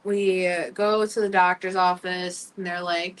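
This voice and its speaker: A young woman hosting a talk show, telling her own story candidly and emotionally, halting often with fillers. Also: on the low side, little pitch movement, recorded from a distance, rough recording. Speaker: podcast host. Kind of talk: personal storytelling.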